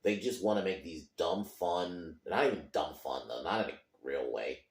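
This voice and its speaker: Deep-voiced man ranting in an echoey room. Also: lively intonation, moderate pace. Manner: frustrated, swearing, emphatic. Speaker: movie reviewer. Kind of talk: ranting movie review.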